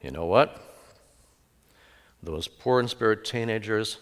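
A middle-aged male pastor preaching a sermon in a church, telling stories with sudden loud emphases. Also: on the low side, animated, slow pace. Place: church sanctuary. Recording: echoey church hall with long reverb.

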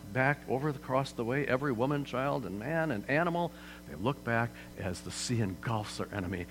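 This preacher's mid-range voice has a fairly bright tone as he addresses a church hall in a conversational way, repeatedly asking the audience questions. A faint mains hum sits beneath the hall's reverb.

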